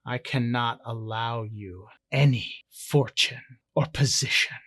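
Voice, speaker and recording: A man voicing a gloating, malicious uncle in his sixties in a solo tabletop role-play, speaking low and quiet. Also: fairly even intonation, slow, no echo. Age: 60s. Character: menacing older male uncle, tall, gloating.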